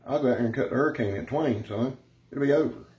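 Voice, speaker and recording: A man's voice: mid-range voice, quick pace, darkish tone. A man giving a rambling, folksy, brash product review, talking straight to his viewers. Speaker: knife reviewer.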